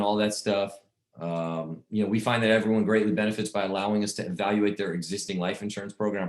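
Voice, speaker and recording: Man, low voice, insurance sales coach, rambling, repeats words, echoey room. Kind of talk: casual sales training talk.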